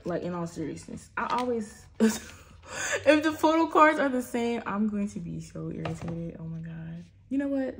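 A woman's voice: lowish voice, vocal fry, slight background noise. A young woman chatting casually while unboxing, often trailing off mid-sentence. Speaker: album unboxing vlogger.

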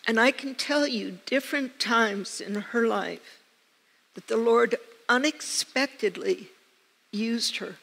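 A woman's voice: a little high, gravelly, a bit bright, slightly rough. An older woman preaching a sermon, telling personal stories with earnest, emphatic repetition. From United States. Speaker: pastor. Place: church sanctuary. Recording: long church reverb.

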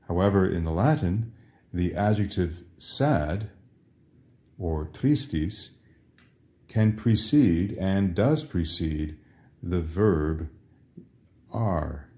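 A man with a low, mellow voice speaks extremely slowly yet animatedly. He is teaching Latin altar server responses through a patient question-and-answer drill, asking how each phrase is said and then answering himself.

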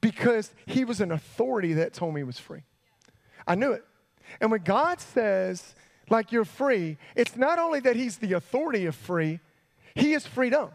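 A man telling a sermon story to students, animated, jumping between hushed asides and excited yelps. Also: sits high, normal speed, creaky. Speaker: youth pastor. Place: church hall.

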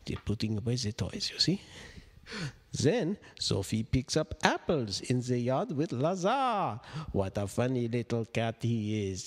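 A man with a gravelly, husky voice reads a baby's picture book slowly and theatrically. His pitch leaps and plunges all over the place, and he gasps, drops to whispers and slips in dry asides. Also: long reverb tail. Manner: theatrical, gasping, dropping to whispers and making animal noises; wry, deadpan asides to the listener. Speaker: reader of children's books. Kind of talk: playful read-aloud of a baby's board book.

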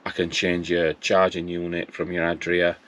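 Bloke, deep voice, rambling story about phone calls. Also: male voice, normal speed. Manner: animated retelling of phone calls with quoted dialogue. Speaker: vlogger. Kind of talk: casual storytelling.

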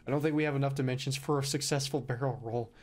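A man's voice: mid-range voice, fairly even intonation, fast, a little mellow. A man giving let's play commentary on a video game, joking, swearing casually and reacting with playful disbelief. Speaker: gaming YouTuber.

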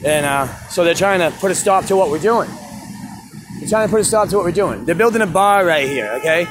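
Street vlogger, male, high voice, animated rant, faint traffic noise behind. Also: brisk. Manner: animated, acts out both sides of arguments. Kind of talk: casual outdoor vlog rant. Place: outdoors in a city plaza.

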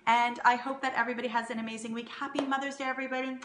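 A woman hosting a casual live stream from home, chatting warmly with viewers and thanking them. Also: fairly high pitch, fast, a little hiss or hum. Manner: chatty, warm thanks to viewers, excited greetings. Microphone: phone or webcam live stream. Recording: roomy home audio with faint ambience.

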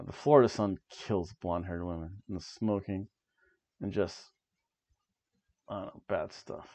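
With a fairly low, slightly mellow voice, a man in his forties sits at his webcam reviewing wrestling. His talk is chatty, full of asides, and regularly drifts onto tangents.

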